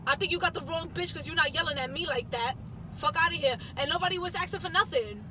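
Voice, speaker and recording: A woman's voice: high-pitched, fast talker, noisy background. A woman, bossy and brash and swearing constantly as a girlfriend in a comedy skit. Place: in a car.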